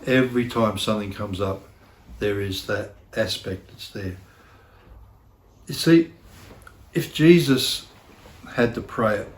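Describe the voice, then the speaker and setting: A man's voice: fairly low pitch, measured pace, pauses often, roomy sound, a little hiss or hum. A middle-aged man preaching a sermon as pastor, earnest and repeating key phrases for emphasis, with self-deprecating asides. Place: church.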